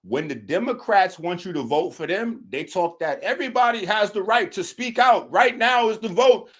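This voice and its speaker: A man's voice: high voice, animated, normal speed. A man hosting a show, giving a mocking, preachy commentary on a clip he has just played. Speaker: show host.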